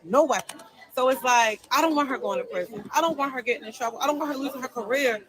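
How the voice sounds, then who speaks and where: A woman's voice: high-pitched, fast talker, a crowd in the background, low-quality recording. A woman venting on a livestream, telling her side of a falling-out in an emphatic, repetitive and heated way.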